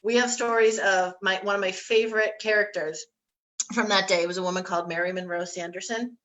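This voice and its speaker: A woman on a history panel, chatting easily through stories with plenty of ums and restarts. Her pitch sits at an ordinary middle level for a woman. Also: steady tone, fairly quick, fairly bright tone, low-quality recording. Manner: chatty storyteller, many fillers and restarts. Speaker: historic site staff panelist. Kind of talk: casual panel discussion.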